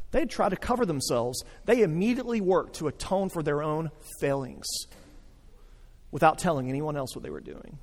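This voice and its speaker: A pastor preaching a sermon, animated and acting out the voices he quotes. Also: high voice. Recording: reverberant hall.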